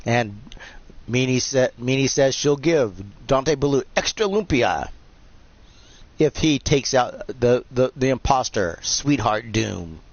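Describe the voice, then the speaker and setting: A man's voice: mid-range voice, expressive, slow, no room sound. A man calls a wrestling video game on a live stream in a loose, rambling, joking way. His voice sits in a middle register, and the audio sounds dull and lo-fi. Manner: rambling, jokey, off-the-cuff. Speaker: host and commentator.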